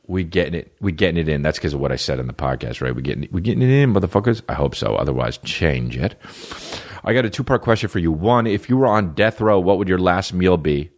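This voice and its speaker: A podcast host rambles through a casual, comedic monologue packed with swearing, riffing on questions from listeners. His voice sits low and is slightly mellow, and he talks fast and animatedly with few pauses.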